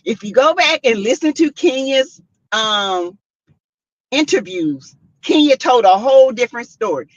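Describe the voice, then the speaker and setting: A woman hosting a casual commentary stream, reading out chat comments and making her points with animated, repetitive emphasis. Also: a little high, a little slow, no echo. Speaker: host. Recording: dull lo-fi sound.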